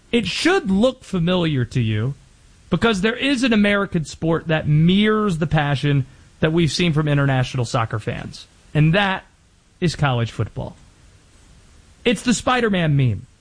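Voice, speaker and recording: Male sports talk host with a fairly high voice, energetic and opinionated.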